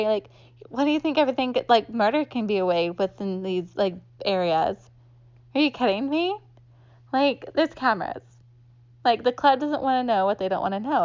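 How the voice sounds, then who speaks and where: A woman's voice: mid-range voice, a little mellow. Chatty woman teaching, dull lo-fi sound. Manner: chatty, heavy use of "like" fillers. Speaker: online instructor. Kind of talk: casual instructional talk. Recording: slightly dull lo-fi audio.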